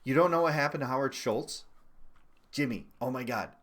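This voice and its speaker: A man's voice: medium pitch, moderate pace, fairly bright tone, slight background noise. A young man doing casual livestream political commentary: sarcastic, profane, and laughing often.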